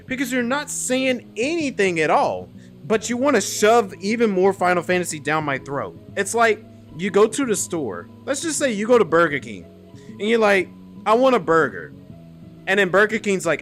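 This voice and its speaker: A man's voice: sits high, sing-song, moderate pace, fairly bright tone, faint music behind. A young man streaming, ranting to his chat in a frustrated, exasperated way that keeps building into outbursts.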